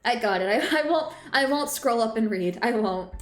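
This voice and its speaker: A woman streams a game, chatting and laughing with her viewers. Her voice runs fairly high. The room is echoey, with faint music in the background. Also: lively intonation, moderate pace, hardly any pauses. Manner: chatty, laughing, reacting to chat. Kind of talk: live gameplay commentary.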